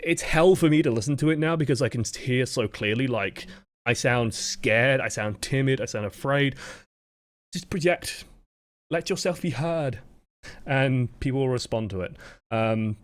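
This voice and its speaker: A young man talks fast through a live-streamed gameplay review, coaching in a projected, expressive voice that sits at an ordinary pitch. He swears casually as he breaks down plays. The sound is close and dry, with little room around it. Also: no echo. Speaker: game coach reviewing footage.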